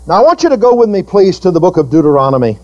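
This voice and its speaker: A man's voice: very animated, very fast, darkish tone, lo-fi sound. A male pastor preaching a sermon, quoting his listeners in mock voices and building to emphatic rebukes. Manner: preaching with sweeping pitch swings, quoting congregants in put-on voices.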